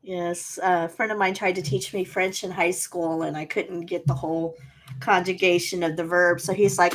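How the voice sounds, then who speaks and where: A woman's voice: fairly low pitch, measured pace. A woman co-hosting a casual podcast, chatting and telling stories. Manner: chatty, storytelling. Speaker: podcast co-host.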